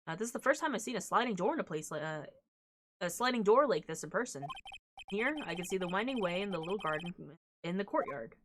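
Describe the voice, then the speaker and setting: A woman's voice: medium pitch, expressive, quick pace, a bit bright, a little hiss or hum, poor audio. A young woman streamer giving casual let's-play commentary, musing about the scenery with little asides. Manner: chatty, reads scenery aloud, asides.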